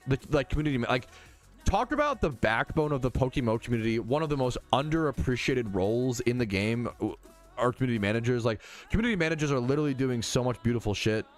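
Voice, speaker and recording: A young man streaming a game, chatting casually, swearing freely and reading out chat messages. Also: mid-range voice. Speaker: gaming streamer. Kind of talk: casual livestream commentary.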